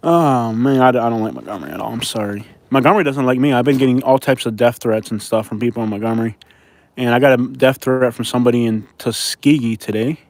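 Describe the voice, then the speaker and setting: A man's voice: mid-range voice, fast, darkish tone, no room sound. A man from Florida with a Florida Southern accent, chatting casually as a vlogger reading viewer comments, boastful and joking. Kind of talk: casual chat.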